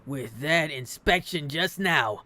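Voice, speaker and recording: A man streaming a game who reads translations of the lines aloud and adds quick asides. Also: a little high, animated, bright, forceful tone, slight background noise. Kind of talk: live translation reading.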